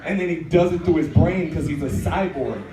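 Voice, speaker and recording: High-voiced young man doing stand-up, distant and roomy. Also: normal speed, a crowd in the background. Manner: rambling, loose, filler-heavy delivery. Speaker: stand-up comedian. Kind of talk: stand-up routine. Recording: distant, roomy, dull club recording.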